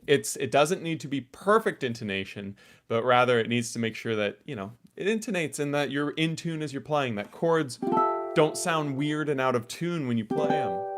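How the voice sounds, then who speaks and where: A man's voice: medium pitch, a bit bright. A man teaching a live online ukulele lesson, explaining in a casual, chatty way full of asides while demonstrating on his instrument.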